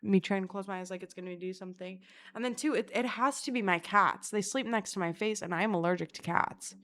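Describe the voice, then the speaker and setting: Young woman, casual vlogger, swears freely, animated storyteller, talking to her phone camera at home. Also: mid-range voice, fairly quick. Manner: profane, animated storytelling with acted-out quotes. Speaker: content creator. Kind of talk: casual vlog chat.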